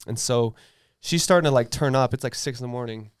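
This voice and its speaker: A man's voice: medium pitch, a little fast, clean tone, no echo, clean studio sound. A man telling a personal story in casual podcast chat, blunt and laid-back, with lots of fillers and swearing. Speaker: tattoo artist guest.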